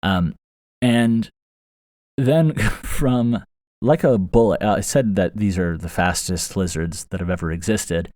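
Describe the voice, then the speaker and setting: Deep-voiced man telling a rambling story. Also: measured pace, a little mellow, no echo. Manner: rambling, amused, many fillers and restarts. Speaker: podcast host. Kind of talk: casual storytelling. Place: small foam-lined desktop recording box. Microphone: close studio mic inside the box. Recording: very dry, close booth sound.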